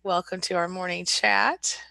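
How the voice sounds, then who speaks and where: Woman, live-stream host, supportive and chatty, bright forceful tone, fairly low pitch. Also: fairly even intonation, a little slow, gravelly, dry recording, poor audio. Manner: chatty and supportive, reads comments aloud then responds. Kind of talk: casual live chat reading viewer comments.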